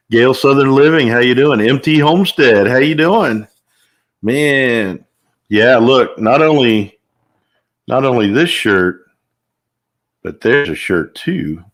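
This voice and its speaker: An older livestream host reads viewer names aloud one by one in a relaxed live chat, his medium-pitched voice upbeat and talkative. He takes his time, leaving long pauses, then breaks into sudden whoops of excitement between greetings.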